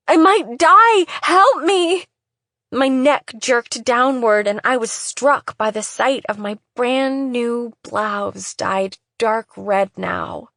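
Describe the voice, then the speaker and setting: A woman narrates a first-person audiobook with a reflective, slightly wry tone, her voice sitting at an ordinary middle pitch. The recording is dry and close, with no room sound around her. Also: no room sound.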